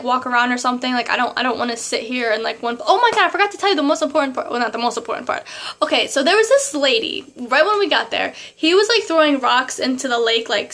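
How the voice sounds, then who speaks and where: A young woman, telling a story to camera in a casual, animated way full of fillers and asides. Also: high-pitched. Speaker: vlogger.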